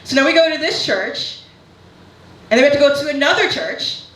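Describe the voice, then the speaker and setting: A woman's voice: sits high, animated, fairly quick, fairly bright tone. A woman doing a stand-up comedy set in a casual, candid way, often laughing through her lines. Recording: echoey room with background noise.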